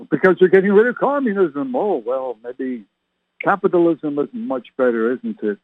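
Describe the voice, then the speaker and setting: A husky-voiced man delivers a radio sermon as a reverend, pressing his listeners with question after question. The sound is tinny and phone-like, with a dry, close feel. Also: a little high, lively intonation, normal speed, no room sound. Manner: preachy, full of rhetorical questions to listeners.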